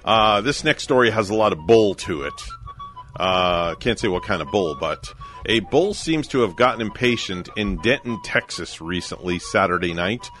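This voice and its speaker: A man's voice: lowish voice, expressive, moderate pace, a bit bright, soft background music. A man hosting a casual morning radio show, telling odd news stories with jokes and teasing his co-hosts. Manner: joking storyteller, teasing co-hosts. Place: radio studio.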